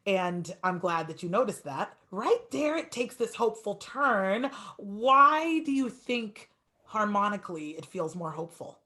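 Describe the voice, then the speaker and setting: A woman piano teacher giving a masterclass, talking fast and stretching words for emphasis. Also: mid-range voice, very animated, bright, forceful tone.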